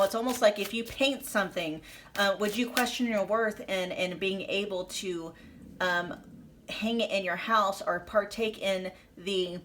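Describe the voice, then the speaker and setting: A woman's voice: medium pitch, a bit bright. A woman giving a pick-a-card tarot reading, effusive and emphatic, speaking straight to her viewers with many fillers. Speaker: tarot reader.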